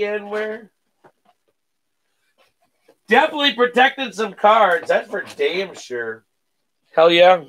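A man hosting a live sports card break, calling out each card with excited slang and cursing. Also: high-pitched. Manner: excited, calls out cards rapidly with slang and cursing.

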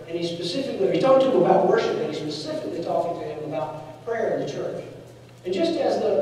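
A man's voice: high voice, dark tone. A man preaching a sermon, telling folksy stories and calling for amens from the congregation. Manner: folksy storytelling, calls for amens. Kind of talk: sermon with personal anecdotes. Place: large church sanctuary. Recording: echoey hall, distant mic.

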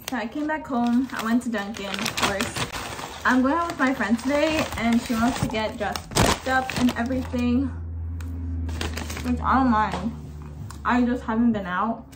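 A young woman chats candidly to her camera while getting ready at home, rambling freely and swearing now and then. Her voice sits a little high. A faint hum runs behind her. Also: rough recording. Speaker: vlogger. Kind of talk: casual get-ready-with-me vlog chat.

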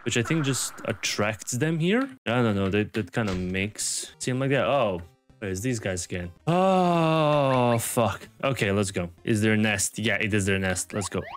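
A young man giving casual gameplay commentary, swearing and getting frustrated, jumping into high yells. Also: lively intonation, moderate pace, soft background music. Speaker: gaming video host.

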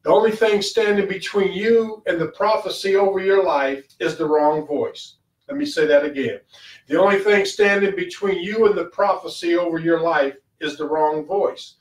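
A male pastor preaching a short sermon, fervent, repeating key phrases with rising emphasis. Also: high voice. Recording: echoey room, voice from far off the mic.

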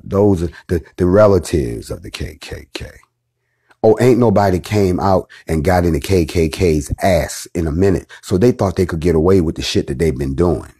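A man giving a live speech, repeating lines like a preacher, blunt and profane, moving from quiet talk to fiery outbursts. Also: deep voice, slightly rough. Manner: preaching, repetitive rhetorical cadence, swings from quiet to fiery. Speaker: group leader addressing followers.

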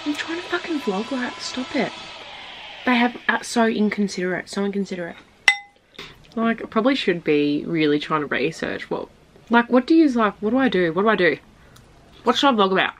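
A woman's voice: mid-range voice, lively intonation, a little fast, noisy background. A young woman chatting casually in her vlog, rambling, swearing and giggling. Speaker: vlogger.

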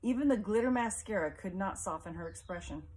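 Woman narrating a novel, expressive. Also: medium pitch. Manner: measured, expressive reading. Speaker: audiobook reader. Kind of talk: audiobook narration.

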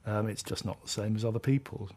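A man's voice: fairly low pitch, fairly even intonation, quick pace, dark tone, slight background noise. A man commenting in a documentary interview, thoughtful and a little hesitant. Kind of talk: interview talk.

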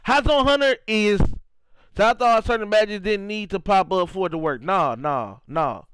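A man's voice: high voice, moderate pace, fairly bright tone, smooth, no room sound, rough recording. A young man from St. Louis, Missouri, chatting loosely on a live game stream and reacting to chat as he goes. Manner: loose and repetitive, reacting to chat, frequent "you know what I'm saying". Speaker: gaming streamer. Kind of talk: casual live-stream commentary.

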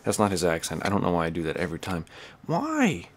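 A man with a lowish voice rambles through a game, swearing and muttering to himself as he plays. The recording carries clear background noise. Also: fairly even intonation, rapid-fire. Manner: rambling, swears, talks to himself while playing. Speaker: gameplay commentator. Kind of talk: casual let's-play commentary.

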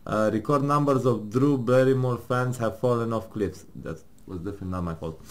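A man's voice: medium pitch, brisk. A man playing a game with his partner, casually joking, laughing and swearing as he reads questions and answers aloud in a mock-serious tone. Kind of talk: casual gaming commentary, reading game text aloud.

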